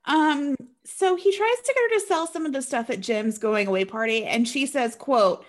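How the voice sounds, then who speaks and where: A woman's voice: high voice, expressive, moderate pace, hardly any pauses. Chatty woman recapping with sarcastic asides. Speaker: podcast co-host recapping a film. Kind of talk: casual chat.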